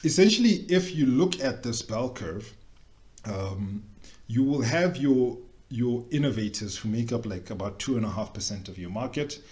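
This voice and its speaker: A young adult man, presenting a workshop in a casual, joking way with quick tangents. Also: medium pitch, animated, a little mellow. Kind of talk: casual explanatory talk.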